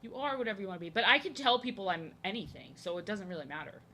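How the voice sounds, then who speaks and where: A woman's voice: medium pitch, animated, rapid-fire, sharp tone, a little hiss or hum. A young American woman chatting and rambling casually to viewers while she draws. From United States. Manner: chatty, rambling, self-deprecating. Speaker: art streamer.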